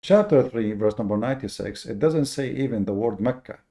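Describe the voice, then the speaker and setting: A man hosting a lecture-style monologue with a gravelly edge to his voice. His tone is mellow and dark, and he leans hard on key words with slow, deliberate emphasis, stumbling through fillers and repeated words. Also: medium pitch, animated. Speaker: host.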